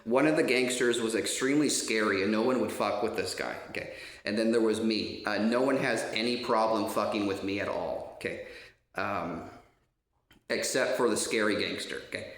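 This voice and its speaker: A man's voice: fairly low pitch, moderate pace. Rambling man in an echoey room. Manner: rambling, many fillers and restarts, swears freely. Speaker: storyteller. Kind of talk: casual spoken anecdote. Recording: roomy echo.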